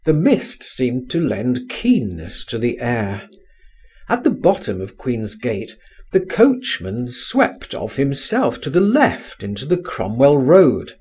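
A man narrating an audiobook at an unhurried, measured pace. His voice is husky, and his pitch swings widely as he tells the story. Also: huge pitch swings, darkish tone.

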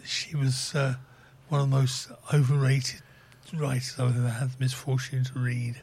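A man co-presenting on community radio, reading the news and dryly grumbling about books in a deadpan way. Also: medium pitch, moderate pace. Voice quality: husky. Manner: dry, fussy, deadpan. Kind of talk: casual radio chat.

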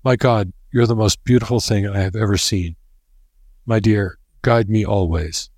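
A man reading the part of a shaken male scientist who speaks in a low, emotional voice. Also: fairly even intonation, unhurried, darkish tone, no echo, clean studio sound. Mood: overwhelmed.

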